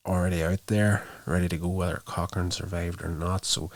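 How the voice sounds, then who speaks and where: Podcast host, male, deep gravelly voice, loose rambling movie-review delivery. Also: fairly even intonation, a little fast, no echo. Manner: rambling plot retelling with many fillers. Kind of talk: casual spoken movie review.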